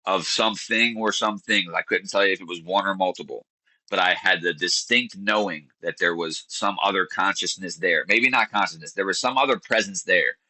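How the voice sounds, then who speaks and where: A man in his thirties speaks low and earnest, often reaching for the right words as he recounts his story in an interview. His voice is deep yet sharply bright, and the recording is close and dry. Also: normal speed, no echo, rough recording. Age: 30s. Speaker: podcast guest.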